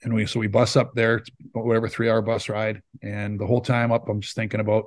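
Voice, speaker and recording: A man's voice: on the low side, little pitch movement, a little fast, no room sound. A man in his fifties, a podcast guest telling rambling stories in a casual way. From Saskatchewan, Canada. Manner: rambling, acts out quotes. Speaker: podcast guest, former hockey player. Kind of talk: casual storytelling.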